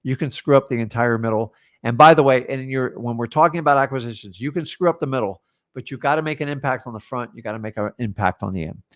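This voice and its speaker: A man's voice: medium pitch, quick pace, fairly bright tone. Punchy male real estate coach. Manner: punchy, coaching, acts out sample dialogue. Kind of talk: live training talk.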